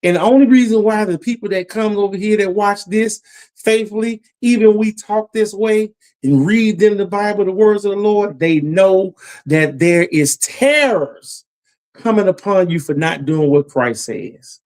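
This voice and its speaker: A man's voice: high voice, a little slow, a little mellow. A man preaching a Bible lesson about judgment, emphatic and repetitive, his voice climbing as he warns. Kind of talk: Bible teaching sermon.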